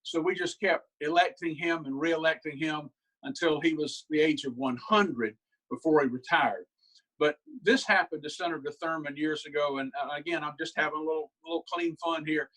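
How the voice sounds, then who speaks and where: A man's voice: fairly high pitch, moderate pace, fairly bright tone, poor audio. A man with a South Carolina Southern accent, telling funny stories as a humorist over a video call. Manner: chatty, easygoing, anecdotal. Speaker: humorist and inspirational speaker. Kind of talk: folksy comedic storytelling.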